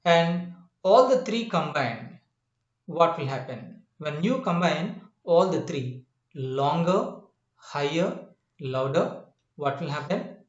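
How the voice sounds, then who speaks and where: A male English teacher giving a spoken lesson, slow and repetitive, often asking if the listener understands. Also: fairly high pitch, animated, reverberant. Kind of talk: classroom-style spoken lesson.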